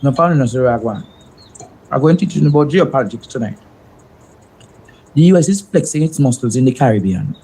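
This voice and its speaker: A man's voice: medium pitch, lively intonation, a little fast, pauses often, warm tone, slight background noise, rough recording. A man hosting a call-in radio show, often humming along with callers. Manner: frequent hums of agreement. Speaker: radio talk show host.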